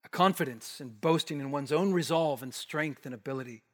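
A male preacher with a fairly high voice gives an expository sermon. He repeats phrases for emphasis and sinks to near whispers to make points land. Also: a little fast. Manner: emphatic, repetitive, with hushed drops for weight.

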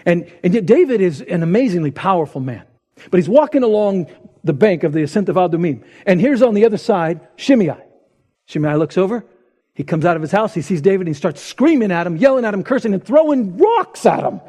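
Male pastor, husky and mellow tone, dramatic delivery shifting from loud to hushed. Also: high-pitched, animated, fairly quick. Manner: dramatic, swings from loud retelling to hushed intensity. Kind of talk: sermon.

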